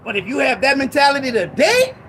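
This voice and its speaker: A man preaching an informal Bible teaching sermon, emphatic and slangy, repeating himself and breaking into shouted bursts. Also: extremely high pitch, wildly swooping pitch, fast, a little hiss or hum.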